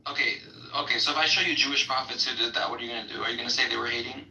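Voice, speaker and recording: A man's voice: medium pitch, steady tone, racing, bright, forceful tone. A man in a heated debate who is blunt and combative, swears freely and interrupts often. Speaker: debater in an online voice room. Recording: distant, roomy, faint noise.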